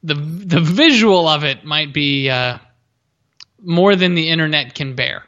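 A man's voice: fairly high pitch, a little slow, a bit bright, highs cut off. A man co-hosting a casual sports podcast, tossing in wry jokes. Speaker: podcast co-host.

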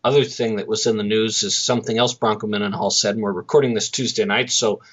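A man's voice: lowish voice, fairly even intonation, fast talker, fairly bright tone. A man with a Boston accent co-hosting a casual sports podcast, joking and wry. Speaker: podcast co-host. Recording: dull lo-fi audio.

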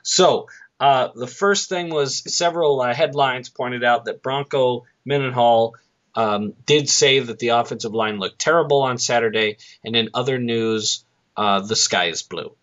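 A man's voice: mid-range voice, unhurried, a bit bright. A man with a Boston accent co-hosting a casual sports podcast, joking and wry. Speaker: podcast co-host. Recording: dull lo-fi audio.

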